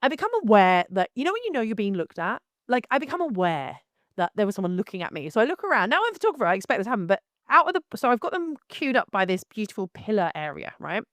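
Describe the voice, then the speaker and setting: A woman wedding photographer telling a story and ranting to camera in a lively, exclaiming way. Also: medium pitch, fast talker, no echo, clean studio sound. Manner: animated, exclaiming, laughs through the story. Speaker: wedding photographer, channel host. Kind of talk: casual storytelling and rant to camera.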